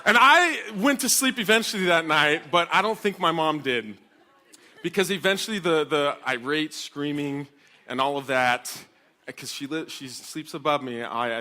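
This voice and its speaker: A young man, a pastor, telling a personal story in a sermon talk to a women's audience, acting out the voices in it. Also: medium pitch. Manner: animated, acts out shouted quotes with laughter. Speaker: youth pastor.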